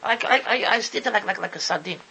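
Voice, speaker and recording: A man's voice: sits high, lively intonation, quick pace, vocal fry, bright, forceful tone, a little hiss or hum, low-quality recording. A man giving an impassioned sermon, often stumbling over and repeating his words as he talks. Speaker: Torah speaker. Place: lives in Israel.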